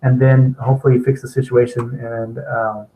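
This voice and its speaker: A man giving an online training webinar in a loose, chatty way. He rambles, says what he thinks bluntly, and fills his talk with ums and restarts. His voice sits at a middle pitch for a man. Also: flat delivery, normal speed, warm tone, slight background noise, rough recording. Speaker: marketing webinar presenter. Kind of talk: casual spoken webinar teaching.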